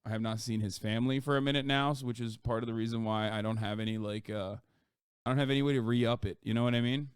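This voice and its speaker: Smooth-voiced male streamer, cursing and rambling. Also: steady tone, quick pace, no room sound, clean studio sound. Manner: profane, rambling, with sudden loud jumps in pitch. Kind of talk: casual live-stream chat.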